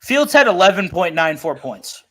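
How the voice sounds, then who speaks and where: Young dude cohosting, teases his buddy, swears, voice on the high side. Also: very animated, moderate pace, fairly bright tone. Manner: teasing, profane, laughs at his co-host. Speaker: co-host of a fantasy football stream. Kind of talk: casual livestream chat.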